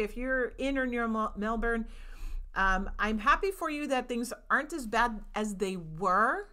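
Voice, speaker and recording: Woman doing a chatty home livestream, reading comments out, bright tense voice. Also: mid-range voice. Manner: chatty, reads viewer comments aloud. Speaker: host. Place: home in rural New England.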